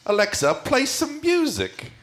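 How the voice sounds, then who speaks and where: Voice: high voice, wildly swooping pitch, measured pace, a bit bright, exaggerated voice. A performer playing a nervous husband who dodges his wife, flustered and mumbling in an improv comedy scene.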